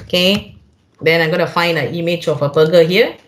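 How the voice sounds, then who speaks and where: A man with a Malaysian English accent, a university lecturer walking attendees through a software demo in a live online workshop, talking conversationally and tagging points with "huh?" and "right?". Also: a little high, a little fast, a little hiss or hum.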